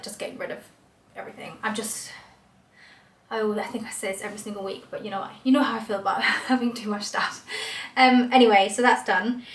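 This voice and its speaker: A woman's voice: medium pitch, echoey room, rough recording. A young woman in casual chat to camera, rambling with lots of "like", filming herself on a phone outdoors on a walk. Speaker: lifestyle vlogger.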